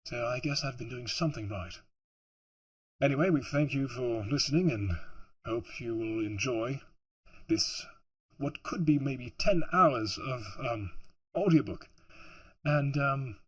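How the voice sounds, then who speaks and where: A man's voice: medium pitch, a little slow, a bit bright, husky. A tired man in a put-on British accent, rambling and chuckling late at night. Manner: rambling, self-mocking, chuckling. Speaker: audiobook narrator.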